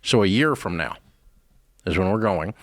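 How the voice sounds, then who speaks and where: A man's voice: low-pitched, animated, moderate pace, no room sound, studio quality. A man hosting a call-in advice show, talking casually in a blunt, emphatic way with folksy slang. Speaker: radio show host.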